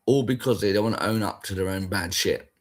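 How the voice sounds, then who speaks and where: Brief: man, husky voice, blunt and foul-mouthed, rambling and repetitive. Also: lowish voice, fairly quick. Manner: sweary, blunt and rambling, repeats himself. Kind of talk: casual spoken rant.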